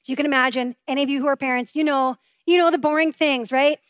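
High-voiced woman preaching earnestly. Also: steady tone, fast talker, no echo. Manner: earnest, conversational preaching with rhetorical questions. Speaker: pastor. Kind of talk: sermon.

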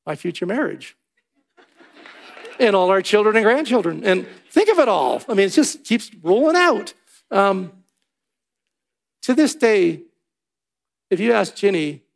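A middle-aged man in a church gives a storytelling sermon. His voice sits high for a man, with a gravelly edge of vocal fry. He slips into quoted voices as he tells the story. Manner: animated storyteller, voices himself and others in quotes. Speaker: preacher. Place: church sanctuary.

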